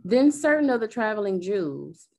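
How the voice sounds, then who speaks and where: A woman reading Bible verses aloud in a slow, measured way. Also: medium pitch, very animated, a little mellow. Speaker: scripture reader.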